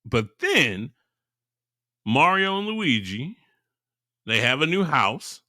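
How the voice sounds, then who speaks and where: A man's voice: a little high, slow pace, no room sound, studio quality. A man co-hosting a casual podcast, retelling a story with lots of laughter and acted-out voices. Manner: animated storyteller, laughs a lot, acts out characters. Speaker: podcast co-host. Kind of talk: casual chat.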